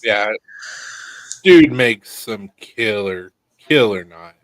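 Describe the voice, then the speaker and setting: A man's voice: on the low side, animated, extremely slow, a bit bright, no echo, poor audio. A man telling stories in a casual podcast chat, swearing and laughing often. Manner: laid-back storyteller, swears, laughs often. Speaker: podcast co-host.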